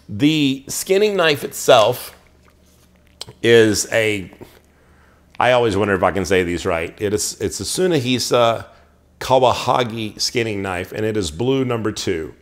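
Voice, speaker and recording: A man's voice: lowish voice, expressive, a little slow. A man hosting a show, giving a casual, chatty product review full of ums and restarts. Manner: chatty, filler-heavy, restarts sentences.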